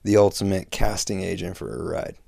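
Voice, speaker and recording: A man's voice: low voice, fairly even intonation, a little fast, creaky, warm tone, no room sound, clean studio sound. A man in casual chat, agreeing and adding short remarks. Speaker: podcast co-host.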